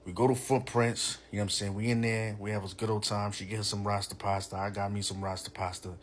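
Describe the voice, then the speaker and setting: Husky man telling a story. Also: fairly low pitch, quick pace. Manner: animated, profane, full of "you know what I'm saying". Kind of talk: casual storytelling.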